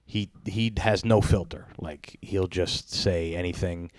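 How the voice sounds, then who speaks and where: Deep-voiced man hosting a comedy podcast. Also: steady tone, moderate pace, darkish tone, dry recording, clean studio sound. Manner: rambling, profane, laughs often. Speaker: podcast host. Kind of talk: casual comedy podcast chat.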